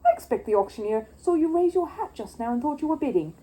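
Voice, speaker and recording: A woman's voice: high-pitched, animated, fast, voice pushed up, low-quality recording. Woman voicing a kindly, courteous old shopkeeper. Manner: courteous and gently explaining. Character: kindly older male antique dealer, gentle.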